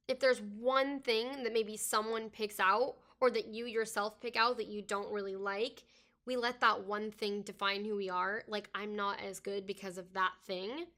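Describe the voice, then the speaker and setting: A woman's voice: fairly high pitch, pushed and bright. A young woman talking casually as a podcast guest, earnest and reflective, often saying "I think". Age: young adult. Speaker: podcast guest, host's daughter. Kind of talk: casual conversation.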